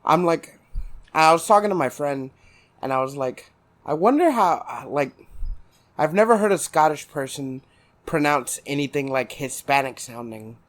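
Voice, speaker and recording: A man's voice: a little high, normal speed, a bit bright. A man from South Texas, co-hosting a podcast in casual chat and telling meandering anecdotes. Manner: laid-back, meandering anecdotes. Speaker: podcast co-host.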